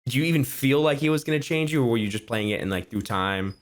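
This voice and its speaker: A man's voice: mid-range voice, quick pace. Inquisitive young male podcast co-host. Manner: inquisitive, animated storyteller. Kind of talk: casual chat.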